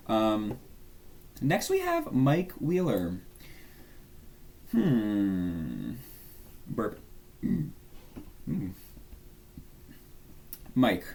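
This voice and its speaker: A man's voice: lowish voice, a little mellow, a little hiss or hum. A young man chatting casually as a YouTuber, gushing and rambling about his favourites. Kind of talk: casual fan tier-list chat.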